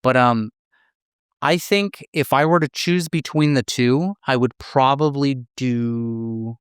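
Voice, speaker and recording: A man's voice: medium pitch, a little slow, smooth, no room sound. American male co-host, enthusiastic explainer, resonant clean voice, dry sound. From USA. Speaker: podcast co-host. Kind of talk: casual podcast chat.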